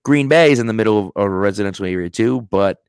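Male podcast co-host, low voice, relaxed explainer, dry close recording. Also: quick pace, clear, resonant tone, no echo. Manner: relaxed, explains things, says "right?" often. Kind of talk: casual chat.

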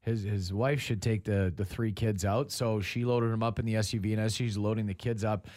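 A man in his fifties hosting a radio morning show, chatty and quick to laugh. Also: on the low side, steady tone, a little mellow. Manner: chatty, laughs easily, many fillers. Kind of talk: casual radio banter.

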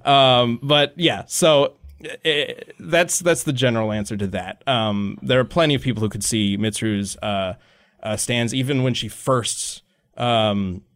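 A man's voice: medium pitch, unhurried, fairly bright tone. A man hosting a podcast in casual chat, rambling with many fillers and casual swearing. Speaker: podcast host.

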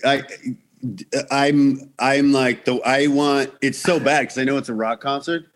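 A man's voice: mid-range voice, fairly even intonation, measured pace. A man from Canada, a comedian guest, chatting casually and animatedly, full of restarts and acted-out quotes. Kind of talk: casual podcast chat.

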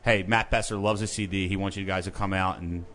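A man's voice: low-pitched, a little fast, slight background noise. A man on a podcast telling a rowdy, profane story in a casual chat, acting out what people said. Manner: animated, profane anecdotes with quoted voices. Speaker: podcast guest, band member.

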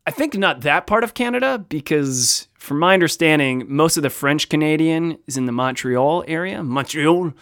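A man with a slightly raised pitch co-hosts a casual podcast, playful and quick to joke. His voice is smooth and close, recorded dry with almost no room around it. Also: no room sound. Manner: playful, jokey, animated asides. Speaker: podcast co-host.

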